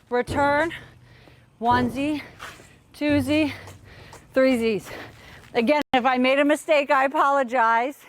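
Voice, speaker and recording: Energetic woman coach, high voice, counts drills aloud for kids, a bit winded. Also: no room sound. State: out of breath. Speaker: tennis coach. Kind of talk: live online kids' workout lesson.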